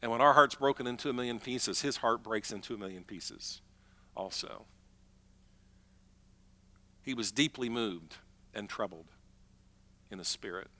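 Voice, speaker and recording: A man preaching a sermon as pastor, emphatic, swinging between loud declarations and hushed, slow moments. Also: medium pitch.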